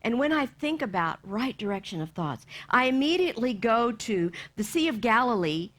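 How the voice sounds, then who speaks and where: A woman minister giving a sermon, lively, acting out bits of the story and dropping to soft near-whispers for emphasis. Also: a little high, normal speed. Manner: animated, acts out voices, drops to soft near-whispers.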